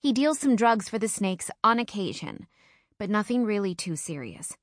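A woman reading an audiobook and voicing an outspoken, protective young hairdresser friend, a bit higher and louder than her narration. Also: normal speed, no echo, clean studio sound, lightly acted. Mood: teasing. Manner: brash, excitable, protective.

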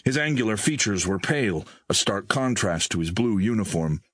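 A man reading an audiobook in a recording studio with measured storytelling on a close mic. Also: fairly low pitch, lively intonation, a bit bright, slightly rough, no echo. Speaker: audiobook narrator. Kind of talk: scripted audiobook narration.

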